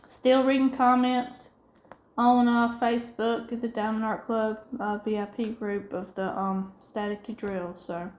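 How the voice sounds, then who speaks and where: Southern woman, middle-aged, rambling folksy chat, somewhat high voice. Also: level tone, unhurried. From upstate South Carolina. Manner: chatty, rambling, folksy, many fillers. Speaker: diamond painting vlogger. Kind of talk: rambling casual chat while crafting.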